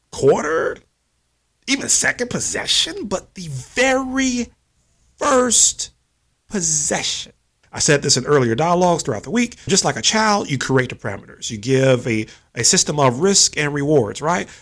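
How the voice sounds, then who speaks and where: A man in his forties, a sports podcast host, delivering an emphatic fan postgame rant into a phone camera. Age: 40s. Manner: animated and emphatic, with big swings of pitch.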